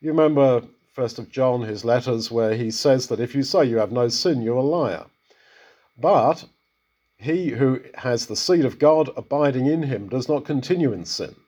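A man's voice: medium pitch, normal speed, a little mellow, slightly rough. A man giving a conversational Bible exposition, talking through a passage and putting rhetorical questions to his listeners. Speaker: Bible teacher.

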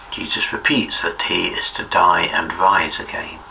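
Slow, reverent male scripture reader. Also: sits low, fairly even intonation, vocal fry, sharp tone. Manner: slow, measured, reverent reading. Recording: distant muffled recording, faint hiss.

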